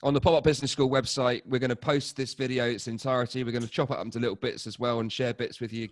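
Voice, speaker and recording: Male livestream host, mid-pitch, dry sound, rambling delivery. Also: flat delivery, rapid-fire, no echo. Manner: rambling, with restarts. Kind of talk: casual livestream chat.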